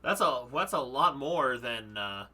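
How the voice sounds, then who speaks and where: Bright-voiced male game streamer. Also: mid-range voice, expressive, measured pace. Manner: chatty, laughs at himself, reads game text aloud. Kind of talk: live gameplay commentary.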